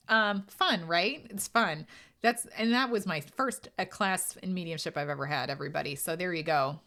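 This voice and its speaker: A woman's voice: fairly low pitch, moderate pace, bright, forceful tone. A woman hosting a podcast as a medium, talking candidly and casually, telling stories with quoted asides. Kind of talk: casual solo podcast talk.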